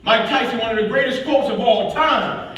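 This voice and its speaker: A man's voice: extremely high pitch, normal speed, a bit bright. A middle-aged man gives an emphatic motivational speech to a live audience. He repeats key lines and keeps asking "right?". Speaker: motivational speaker. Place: large hall with an audience. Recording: echoey hall from far off, faint noise.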